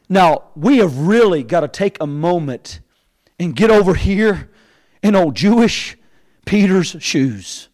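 A man preaching a sermon, swinging between shouted peaks and quiet, hushed asides. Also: sits high, very animated, takes it slowly, pauses often, poor audio. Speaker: pastor. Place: church sanctuary with congregation.

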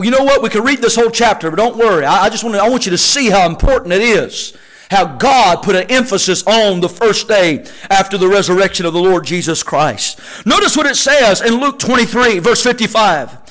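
A man with a very high, sharp, forceful voice delivers a sermon to his congregation. He reads scripture in a slow, drawn-out cadence, then pushes his points home with loud, emphatic bursts before settling back into a lower, confiding tone. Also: low-quality recording. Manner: emphatic preaching that swells to shouts, then drops low. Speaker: pastor. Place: church service.

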